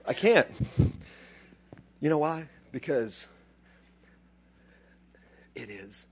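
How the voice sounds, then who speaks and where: A man preaching a sermon, dropping to quiet asides and then rising into loud, excited bursts. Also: fairly high pitch, drawn-out words. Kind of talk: animated sermon.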